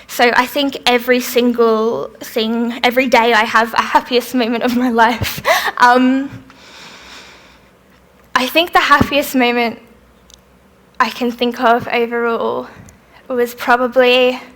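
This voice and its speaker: A woman's voice: on the high side, level tone, slow pace, pauses often, fairly bright tone. A young woman from Australia whose accent has a British tinge, chatting bubbly and candid as she answers questions at a live talk. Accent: Australian with some British influence. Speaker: festival speaker.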